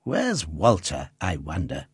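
A man's voice: low voice, wildly swooping pitch, slow, husky, dry recording, clean studio sound, pitched below the performer's own voice, heavily acted. A man reading the part of a good-natured old male instrument maker who muses and teases fondly. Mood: musing. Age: older. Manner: fussy, musing, kindly teasing.

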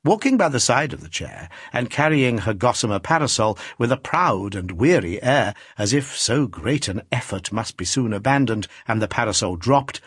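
A man narrating a classic novel as an audiobook, reading in an expressive, theatrical manner. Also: mid-range voice, normal speed, few pauses, husky, no echo, clean studio sound.

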